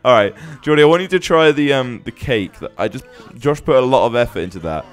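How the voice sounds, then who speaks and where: A man's voice: medium pitch, animated, quick pace. A young man casually commenting on a life-simulation game as host, often laughing and exclaiming at what happens on screen. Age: young adult. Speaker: gaming channel host.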